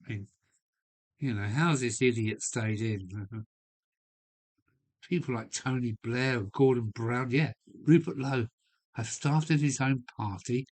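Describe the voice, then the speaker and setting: Long pauses fill the slow speech of an English model railway streamer whose mid-range voice sounds husky and somewhat dark. Broadcasting from his home loft over a live stream setup, he rambles casually to viewers, bluntly airing his opinions and swearing occasionally.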